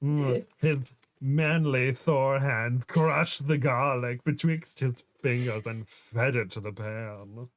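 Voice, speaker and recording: A man's voice: medium pitch, slow. A man as a guest on a stream, chatting casually, joking and laughing often. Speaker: guest co-host. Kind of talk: casual chat on a livestream.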